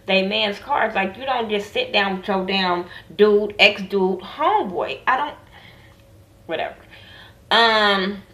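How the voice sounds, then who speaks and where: A woman's voice: mid-range voice, pushed and bright, distant mic. Blunt, echoey woman reviewing TV. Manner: blunt, profane, opinionated; trails off with filler asides. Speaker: TV show reviewer. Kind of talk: casual vlog recap. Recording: echoey room, voice off-mic.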